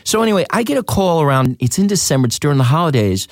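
A man, an actor, telling a story in a casual interview, animated and repeating words as he goes. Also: racing, no echo, clean studio sound. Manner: animated, jumps up in pitch acting out quotes, repeats words. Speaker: actor guest.

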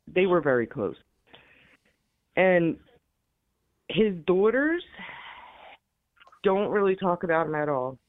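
A woman's voice: low voice, dry recording. Woman on a tinny phone line. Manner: rambling, repeats herself, quotes family members. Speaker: grieving mother, guest caller. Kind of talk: emotional interview talk.

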